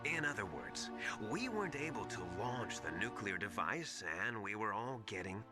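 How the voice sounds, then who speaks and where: A man's voice: lowish voice, big pitch swings, moderate pace, over loud music. An actor playing a theatrical, mocking male villain in a video game, speaking with a put-on British accent and curling his sentences upward. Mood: scheming. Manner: gloating, upward curl at sentence ends.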